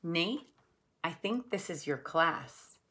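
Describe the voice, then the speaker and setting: A woman's voice: lowish voice, expressive, slow, pushed and bright, husky, heavily acted. A woman voicing a kind, encouraging mother in a storybook reading. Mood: gentle.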